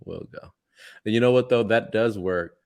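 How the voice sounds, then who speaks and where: Podcast co-host, man in his thirties, very low voice, relaxed banter with frequent swearing. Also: a little fast, clear, resonant tone. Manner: laid-back, swears often, laughs a lot. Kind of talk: casual chat.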